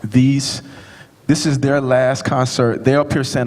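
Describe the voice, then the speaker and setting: A man's voice: mid-range voice, fairly even intonation, slow pace, slight background noise. Guy thanking folks from the stage at a choir concert, casual and direct, big echoey hall. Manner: warm, informal, addresses audience directly. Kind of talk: concert thank-you speech. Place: large concert hall with audience. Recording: long hall reverb, audience sounds.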